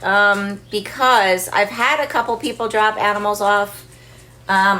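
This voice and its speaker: A woman's voice: mid-range voice, background noise. A woman who runs a senior dog sanctuary from her home, talking casually and in doting baby talk to her dogs, mixed with mock scolding.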